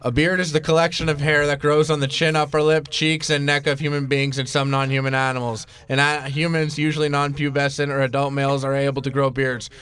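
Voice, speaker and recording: A man's voice: on the high side, flat delivery, brisk, few pauses, fairly bright tone, smooth. A man who is a guest on a casual podcast, playful and giggly. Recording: noisy podcast recording.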